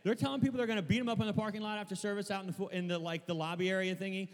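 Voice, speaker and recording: A young man preaching a sermon in a church, rambling and excitable, stumbling over restarts and breaking into shouts. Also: high voice, racing, long reverb tail. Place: church hall.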